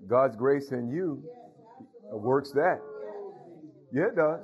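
A man's voice: mid-range voice, lively intonation, takes it slowly, long pauses, breathy edge, highs cut off. A man preaching an informal sermon in a small church, folksy, calling out to the congregation and repeating his phrases. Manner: call-and-response, folksy, repeats phrases, chuckles.

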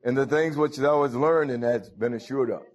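A man delivers a sermon at a middle pitch. He quotes scripture in old biblical wording and punctuates his points with cries of praise and quick rhetorical questions. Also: muffled recording. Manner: scripture-quoting, call-and-response exclamations. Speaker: preacher.

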